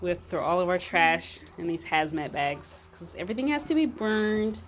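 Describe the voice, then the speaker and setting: Woman vlogger, lowish voice, teasing and dry, indoor apartment. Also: normal speed, a little hiss or hum. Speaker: vlogger and mother. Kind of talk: casual vlog narration.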